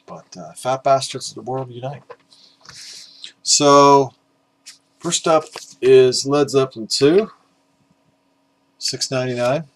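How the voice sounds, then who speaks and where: An exhausted middle-aged man, up all night, talks through his record pile in a loose, rambling way. His voice sits at an ordinary middle pitch, and he trails off into fillers and mutters jokes at his own expense. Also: takes it slowly, long pauses, slight background noise. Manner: rambling, self-deprecating, with frequent "uh" fillers. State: exhausted, up at five in the morning. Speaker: record collecting video host. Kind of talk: casual rambling vinyl chat.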